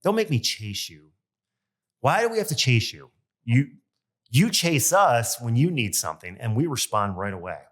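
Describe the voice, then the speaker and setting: On his solo podcast, a man who works as a loan officer complains in a casual, exasperated way, filling the gaps with ums and uhs. He speaks at a normal speed in a mid-range, slightly rough voice.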